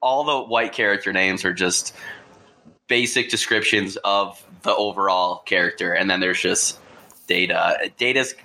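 A man with a low-pitched but bright, forceful voice trades wry jokes in a relaxed movie chat. He talks in quick asides. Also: gravelly, rough recording.

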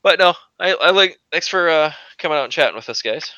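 A man's voice: a little high, expressive, a little fast, bright, forceful tone, no room sound, highs cut off. A man co-hosting a podcast in casual chat, laid-back, swearing and laughing often. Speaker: podcast co-host.

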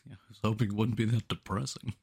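Young dude cohost, kinda low voice, laughs a lot, teasing his buddy. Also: fairly even intonation, fast, a little mellow, husky. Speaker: podcast co-host. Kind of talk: casual chat.

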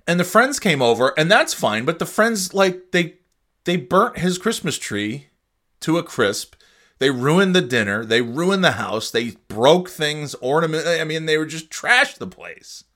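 A man hosting a podcast in casual chat, rambling through a profane, animated retelling. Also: on the high side, a little slow. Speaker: podcast host.

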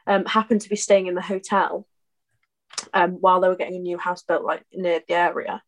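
A woman's voice: on the low side, flat delivery, a little fast. A young woman in her twenties, chatting casually on a podcast and rambling through anecdotes full of ums. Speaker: podcast co-host. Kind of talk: casual chat.

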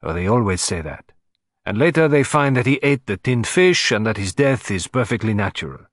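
A fussy, vain old Belgian detective, voiced by a male audiobook reader with a precise, self-satisfied way of speaking. His delivery swings lively up and down, with a slightly husky edge, recorded close and dry. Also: on the low side, normal speed, dry recording. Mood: dismissive. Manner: precise, self-satisfied, drops French phrases. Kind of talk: audiobook character reading.

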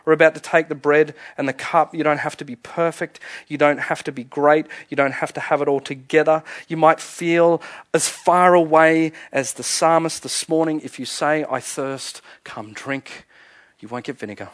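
A man preaching a sermon as pastor, earnest, often chuckling and sinking to a hushed, soft delivery. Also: fairly high pitch, steady tone, moderate pace, dry recording.

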